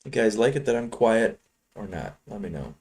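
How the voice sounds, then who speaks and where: A man's voice: fairly low pitch, sing-song, moderate pace, gravelly, a little mellow, breathy edge. A man from Chicago talking casually to his viewers while trading futures, rambling between trades. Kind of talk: casual live-trading commentary.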